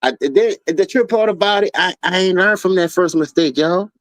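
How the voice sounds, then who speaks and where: A man's voice: high voice, moderate pace, no room sound. A man hosting a casual basketball talk stream, telling loose, profane stories full of slang. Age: adult, calls himself an OG. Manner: loose, profane storytelling with slang and repeated "you feel me". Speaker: livestream basketball talk host. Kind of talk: casual sports debate chat.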